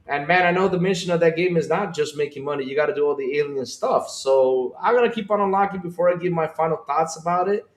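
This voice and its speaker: A man co-hosting a gaming livestream and chatting with viewers in a roomy, echoey space. He talks with excitable energy, often repeats his phrases, and his voice sits a little high for a man. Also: fast, hardly any pauses. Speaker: podcast co-host. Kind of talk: casual livestream chat.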